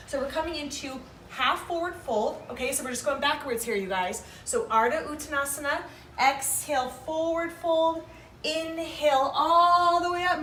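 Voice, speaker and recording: Upbeat female yoga instructor, cues breaths warmly, high voice, roomy sound with faint hiss. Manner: encouraging, cueing breaths. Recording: roomy echo.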